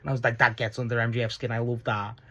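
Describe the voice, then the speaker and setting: A man's voice: medium pitch, little pitch movement, quick pace, a bit bright. A man giving a casual spoken review of a wrestling show, rambling with lots of fillers and swearing. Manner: rambling, profane, frequent restarts and fillers.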